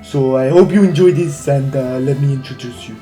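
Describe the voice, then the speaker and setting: A man doing a mock French accent as an aging football manager stepping down, speaking haltingly with many fillers. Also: medium pitch, mellow, soft background music, close to an everyday voice. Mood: warm. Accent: French, put on.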